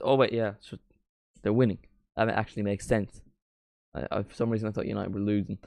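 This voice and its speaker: A man hosting a live football watchalong, his voice sitting fairly low. He rambles casually between quick play-by-play calls, recorded dry and close with little room sound. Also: flat delivery, gravelly, a little mellow, dry recording. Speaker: watchalong streamer.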